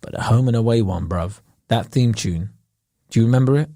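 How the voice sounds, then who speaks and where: A man's voice: medium pitch, fairly quick, mellow, no room sound, studio quality. A young man, co-hosting a podcast in rambling, slangy casual chat. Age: young adult. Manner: rambling, slangy, laughs easily. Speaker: podcast co-host.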